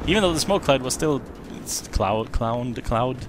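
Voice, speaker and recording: Rambling man over loud game gunfire. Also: mid-range voice, expressive, measured pace, background noise. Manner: rambling, self-correcting, chatty. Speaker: let's play commentator. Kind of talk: casual gameplay commentary. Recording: game audio behind voice, gunfire and vehicles. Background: game gunfire and explosions.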